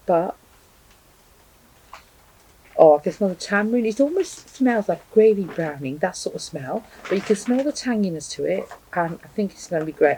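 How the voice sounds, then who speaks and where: A woman's voice: fairly low pitch, creaky, a little mellow, a little hiss or hum, rough recording. A woman reviewing hot sauces to camera at home, chatting casually and thinking aloud with frequent ums. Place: home, indoors with a cat.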